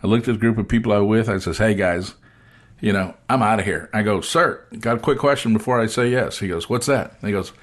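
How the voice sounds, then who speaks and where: A man hosting a casual chat, telling an animated story and acting out the voices of the people in it. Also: lowish voice, fast talker. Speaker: host.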